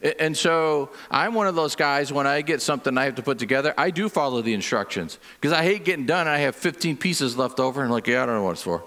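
A middle-aged pastor preaching in a chatty, joking way, dropping into short acted-out voices between scripture readings. His voice sits a touch high for a man. The sound rings with the long reverb of a large church hall. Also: fast, few pauses, a bit bright. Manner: conversational and joking, acts out little voices. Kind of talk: sermon. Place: church sanctuary.

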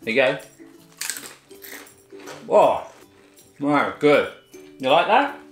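Extremely slow and mid-range, with big swings in pitch, this man's voice carries a chatty, jokey food taste test he hosts with his daughter for his cooking channel. Faint music and roomy echo sit in the background.

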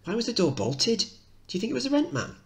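A man voicing a boisterous seven-year-old boy in a high, excitable tone, reading the play aloud. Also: quick pace, exaggerated voice. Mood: eager.

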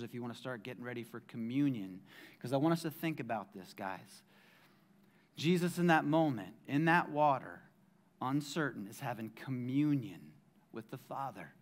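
Man preaching from hushed to shouting. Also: medium pitch. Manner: swings from hushed and intimate to loud and shouting; casual and jokey, calls the crowd guys. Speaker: pastor. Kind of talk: sermon. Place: church sanctuary.

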